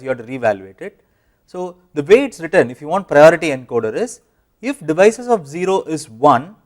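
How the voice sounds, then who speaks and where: A man with an Indian English accent delivers a university lecture, walking through the material step by step with fillers and self-corrections. His voice sits on the high side.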